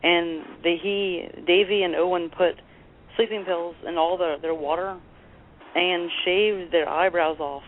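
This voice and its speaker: A man's voice: high-pitched, fairly even intonation, measured pace. A male co-host recounting a story in a casual interview, stumbling over his words. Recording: tinny phone-quality audio, faint hiss.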